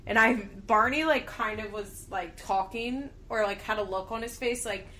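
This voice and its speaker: A woman's voice: on the high side, normal speed, background noise. A young woman co-hosting a podcast, chatting casually about a TV show and using lots of filler words. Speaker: podcast co-host. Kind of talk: casual chat recapping a TV show.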